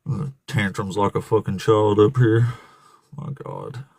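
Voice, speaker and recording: A man's voice: fairly low pitch, very animated, a little slow, vocal fry, darkish tone, breathy edge, no room sound. A man hosting a livestream debate, mocking and swearing constantly while talking over callers. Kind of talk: profane casual livestream chat.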